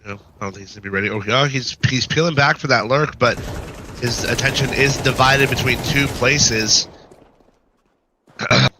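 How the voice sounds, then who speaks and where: A hoarse man, sick for a week, giving live play-by-play commentary as an esports caster and chatting wryly to viewers between calls. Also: mid-range voice, normal speed, background noise. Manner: wry, talks to the audience between calls.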